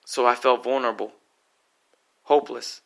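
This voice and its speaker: A man's voice: mid-range voice, fairly even intonation, normal speed, creaky, fairly bright tone. A man performing an emotional spoken-word story, intense and pleading.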